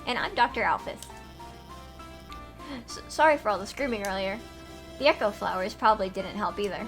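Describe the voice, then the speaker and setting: A woman's voice: mid-range voice, lively intonation, moderate pace, natural voice. A woman voicing a shy, nervous female lizard scientist who stutters and apologizes, with music underneath. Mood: flustered. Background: background music.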